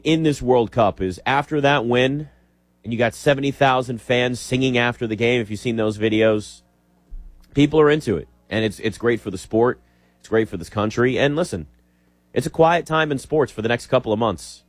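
A man's voice: mid-range voice, no room sound. An American man hosting a sports talk show, delivering an emphatic, sarcastic opinion monologue.

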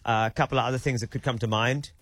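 A man's voice: medium pitch, fairly even intonation, rapid-fire, a bit bright, dry recording, clean studio sound. A young adult man with a South African accent, hosting a radio breakfast show in casual banter, often putting on a playful, mock-official tone.

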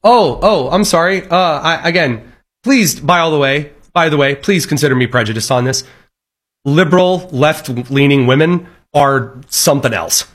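A man's voice: a little high, animated, moderate pace, fairly bright tone. A man giving sarcastic political commentary in a vlog, with stammering restarts and snarky asides. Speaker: commentary vlogger. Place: Chicago.

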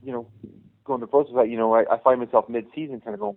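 A man's voice: mid-range voice, wildly swooping pitch, quick pace, creaky. A middle-aged man and youth hockey coach, telling rambling anecdotes in a casual interview and acting out the dialogue he quotes. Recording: tinny phone line.

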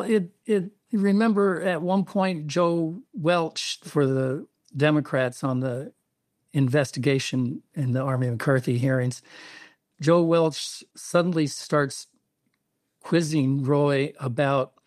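A male author being interviewed on the radio, explaining events in a measured, storytelling way. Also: fairly high pitch, no echo, studio quality. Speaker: author guest.

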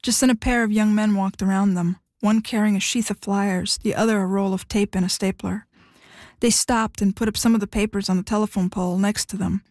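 A woman narrating a story in a steady, even reading voice. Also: medium pitch, fairly quick, no echo, studio quality. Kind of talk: audiobook narration.

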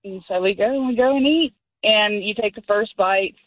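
A woman's voice: mid-range voice, normal speed, dry recording, narrow, tinny audio. A woman calling in to a radio show, telling a story with laughs and putting on voices. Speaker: caller. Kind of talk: phoned-in story.

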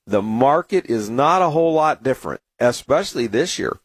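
A man's voice: medium pitch, expressive, moderate pace, breathy edge. A man with an American accent talks casually and tells stories at length, drifting off track and filling the gaps with "uh." His voice sits in an ordinary middle range. The sound is dry, with no room echo. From San Diego, USA. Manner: rambling, anecdotal storyteller with many fillers. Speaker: market commentator. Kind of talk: casual talk to camera.

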